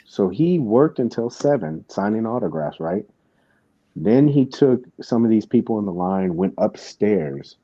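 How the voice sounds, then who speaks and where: A man with a lowish voice and a dark tone hosts a podcast, telling a rambling story in casual conversation, full of restarts and asides. The recording has no room sound and its highs are cut off.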